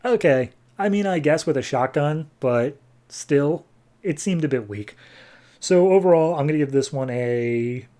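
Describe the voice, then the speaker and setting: A man's voice: on the high side, dark tone. A young man hosting a podcast, casually reviewing comics and recapping plots in an offhand, chatty way. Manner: offhand, recaps plots with quick paraphrased quotes.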